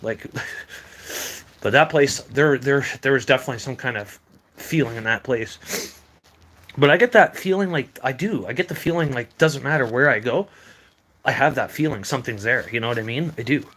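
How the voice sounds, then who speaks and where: Speaking at a moderate pace in a somewhat bright mid-range voice, a young man who makes paranormal videos casually recounts odd happenings. His storytelling wanders, packed with fillers and profanity.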